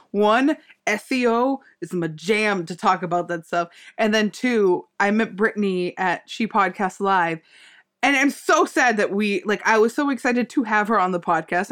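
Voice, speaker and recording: A woman's voice: medium pitch, fairly bright tone. A woman co-hosting a podcast, earnest and enthusiastic in casual chat. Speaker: podcast co-host.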